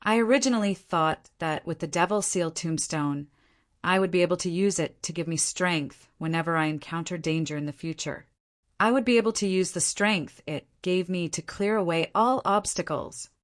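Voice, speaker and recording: A woman's voice: on the low side, normal speed, lightly acted. A woman reading the inner thoughts of a brooding young male hero in a storybook, uneasy and reflective. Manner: inward, uneasy musing.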